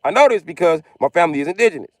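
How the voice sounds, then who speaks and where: A man from Missouri livestreams himself ranting over a video, his voice a little high, expressive, and very fast, with no echo. His commentary is emphatic, profane, and repetitive.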